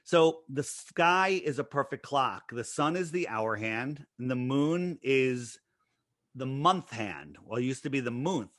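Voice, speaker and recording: Insistent man with a bright edge. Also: medium pitch, lively intonation, no echo, studio quality. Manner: insistent, rapid-fire rhetorical questions. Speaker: interview guest. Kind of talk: conversational explanation.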